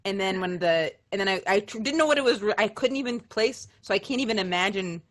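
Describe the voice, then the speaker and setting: A woman hosting a casual interview podcast, swearing freely and rambling through animated asides. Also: medium pitch, fast. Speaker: podcast host.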